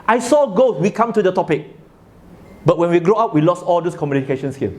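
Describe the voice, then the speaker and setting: A man's voice: on the high side, animated, quick pace, darkish tone. A man giving a religious talk to a live audience, telling a story and asking listeners questions. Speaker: religious speaker.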